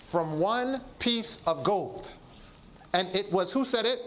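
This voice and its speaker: A man's voice: high-pitched, fairly bright tone. A man preaching a sermon, putting questions to the listeners and answering them himself. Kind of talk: sermon on addiction recovery.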